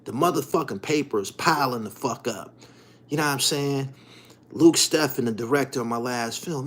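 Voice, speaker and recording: A man hosting his own channel, delivering an emphatic, profane monologue in street slang, swinging from low mutters to loud outbursts. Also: moderate pace. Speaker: channel host. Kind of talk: animated profane monologue to viewers.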